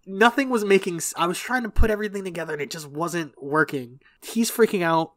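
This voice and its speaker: A man's voice: high voice, brisk, fairly bright tone. A young man telling a long story in casual podcast chat, rambling and swearing, often laughing. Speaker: podcast co-host.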